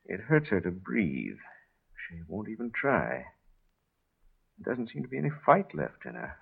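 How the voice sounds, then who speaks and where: An actor playing a calm, grave doctor who speaks in a measured way, in a 1940s radio drama. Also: male voice, fairly low pitch, gravelly, breathy edge, exaggerated voice. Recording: dull 1940s radio broadcast.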